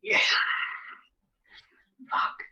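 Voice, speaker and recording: A co-host on a casual film podcast who talks in halting bursts with many restarts and short, dry replies. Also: echoey room, lo-fi sound, very noisy.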